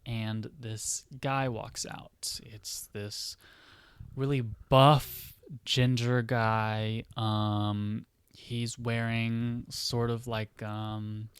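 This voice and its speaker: A man hosting a podcast who casually talks through a story, rambling and leaning on fillers like "like" and "you know." His voice is smooth and clear, and his pace is slow. The mic is close and the room sounds dry. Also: mid-range voice, little pitch movement, dry recording. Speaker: podcast host. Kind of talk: casual storytelling of a book idea.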